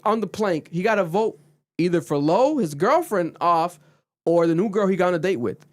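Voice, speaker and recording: Animated, profane podcast host, dry close mic. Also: male voice, high voice, moderate pace, no echo. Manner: animated, profane storyteller who recaps shows. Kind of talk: casual podcast chat.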